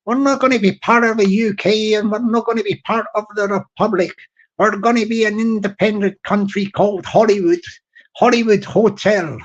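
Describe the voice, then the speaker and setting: A man voicing a boisterous Irish party chairman giving a rally speech, with a put-on Irish accent and loud, repetitive speechmaking. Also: high-pitched, fairly even intonation, normal speed, lo-fi sound. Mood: rousing.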